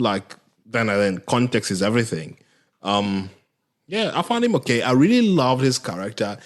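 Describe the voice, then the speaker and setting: A man co-hosting a podcast in casual chat, hesitant with restarts, rising when annoyed. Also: mid-range voice. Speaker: podcast co-host.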